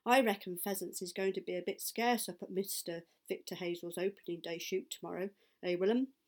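A woman reading a storybook, voicing an old man who drives a country taxi, excitable and full of rough slang. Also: fairly low pitch, brisk, natural voice. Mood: gleeful.

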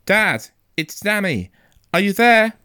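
A man's voice: big pitch swings, moderate pace, exaggerated voice. A frightened young boy calling out. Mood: pleading, shouting. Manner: high, pleading calls. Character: frightened young boy searching for his father.

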